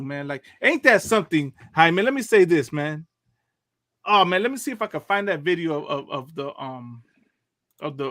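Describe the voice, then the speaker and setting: Male talk-show host, casual preacher vibe, chatty with fillers, slightly high voice, dry close sound. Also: fairly bright tone, no echo. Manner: loose, chatty, laughs often, fillers like "you know what I mean".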